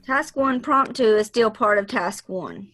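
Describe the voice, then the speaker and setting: A woman's voice: a little high, measured pace, pushed and bright, poor audio. A woman on a video call, explaining a project schedule step by step to her group, with frequent ums. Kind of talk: casual planning call.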